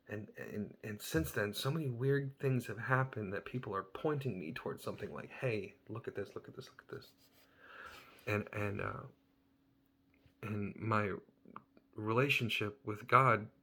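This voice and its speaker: A man's voice: lowish voice, a bit bright, slightly rough. A man, a plumber by trade, earnestly telling a personal story about his faith and thinking aloud as he goes.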